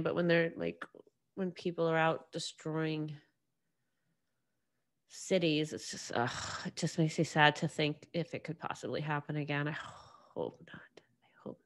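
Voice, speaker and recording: एक युवा महिला होस्ट, जो अकेले बैठकर अपने पॉडकास्ट पर बिखरी-बिखरी बातें करती है, बार-बार वाक्य अधूरे छोड़कर फिर से शुरू करती है और खुद पर ही हँसती है।. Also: female voice, deep voice, normal speed. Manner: rambling, self-deprecating, many restarts. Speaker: podcast host. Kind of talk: casual solo monologue.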